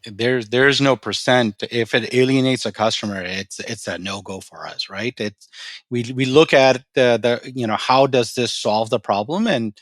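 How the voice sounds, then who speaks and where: A man telling a story and answering questions as a podcast guest, relaxed and often repeating his words. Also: medium pitch, moderate pace, dry recording. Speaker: podcast guest, storage company president. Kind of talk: casual interview talk and storytelling.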